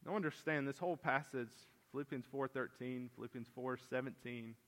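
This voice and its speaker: A man's voice: medium pitch, normal speed. Earnest preaching man in reverberant hall. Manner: earnest expository preaching, swings between emphatic and hushed. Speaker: pastor. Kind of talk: sermon. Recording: long reverb of a large church hall.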